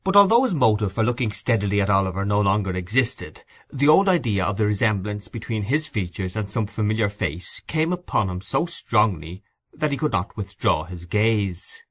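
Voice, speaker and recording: A man narrating a classic storybook in a measured, steady way. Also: on the low side. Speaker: audiobook reader.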